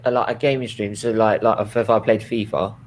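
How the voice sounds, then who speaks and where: A man's voice: fairly low pitch, steady tone, a little fast, slight background noise. A man chatting casually on a video call, blunt and trailing off. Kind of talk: casual chat.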